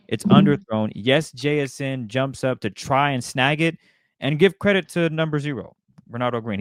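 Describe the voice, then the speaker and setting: A man's voice: medium pitch, no echo, studio quality. Man breaking down football plays. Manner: casual, breaks down plays in detail. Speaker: co-host. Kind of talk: football analysis chat.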